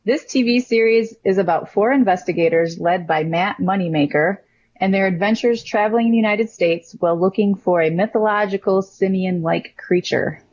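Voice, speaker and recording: A woman hosting a trivia game, reading questions and answers in a brisk, matter-of-fact way. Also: mid-range voice, darkish tone, lo-fi sound. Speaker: quiz host.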